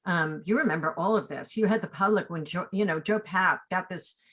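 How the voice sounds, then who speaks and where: Rambling, lower-voiced woman in her sixties. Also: brisk, slightly rough. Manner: animated, rambling, many asides and tag questions. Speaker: casting director, guest. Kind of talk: remote interview, personal storytelling.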